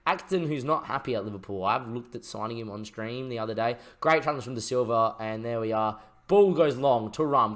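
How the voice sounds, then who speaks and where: A young man giving let's-play commentary over a football management game, dropping to low mutters and rising to excited shouts. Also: a little fast. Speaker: gaming YouTuber and streamer.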